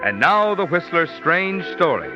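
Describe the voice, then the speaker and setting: A man announcing credits in a formal, measured broadcast style. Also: fairly high pitch, big pitch swings. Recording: dull 1940s radio broadcast over loud music. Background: music.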